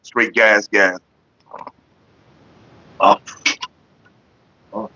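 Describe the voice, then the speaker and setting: A man's voice: on the low side, fairly even intonation, drawn-out words, bright, forceful tone. A man hosting a casual livestream, rambling and swearing freely while greeting viewers in the chat, on a headset mic. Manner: laid-back, profane and rambling. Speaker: livestream host. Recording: slightly dull lo-fi audio.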